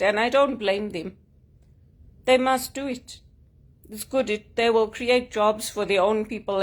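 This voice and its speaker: A woman vlogging at home, talking frankly and with grievance in short emphatic statements. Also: mid-range voice. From Zimbabwe. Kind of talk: personal vlog monologue. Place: at home, sitting on a couch.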